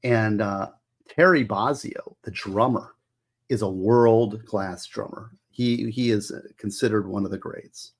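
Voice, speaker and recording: On a laid-back music livestream, the male host chats with viewers in a lowish, unhurried voice. His talk wanders with enthusiasm, packed with trivia bits and sentences he starts over.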